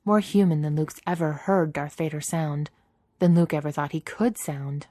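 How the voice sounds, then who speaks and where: A woman narrating a story aloud in a steady, even reading voice. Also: low-pitched, normal speed, no room sound. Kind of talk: reading fan fiction aloud.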